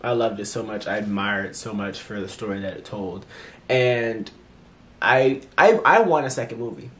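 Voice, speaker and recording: A man giving a casual movie review vlog, chatty and animated, full of fillers and restarts, acting out characters' lines in playful voices. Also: lowish voice, moderate pace.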